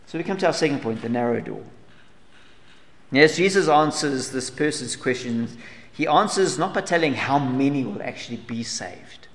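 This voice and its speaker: A man preaching a sermon earnestly, asking rhetorical questions and dropping to soft asides. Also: medium pitch, lively intonation, moderate pace, big-room sound. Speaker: pastor.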